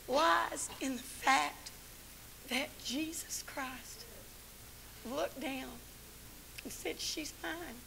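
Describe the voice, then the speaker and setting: An older woman teaching the Bible to a women's church gathering in an animated, folksy sermon full of stories and laughs. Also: high-pitched, gravelly, slight background noise. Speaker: Bible study teacher and speaker.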